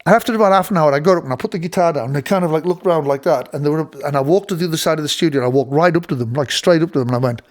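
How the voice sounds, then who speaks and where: Rapid-fire with hardly any pauses, a middle-aged host with a slightly high voice rambles through a casual studio story. He restarts often and mimics voices playfully, laughing as he goes.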